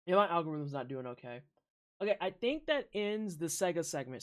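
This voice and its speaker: A woman streamer reacting to game trailers live, rambling and swearing with animated asides to chat. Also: fairly low pitch, fairly quick.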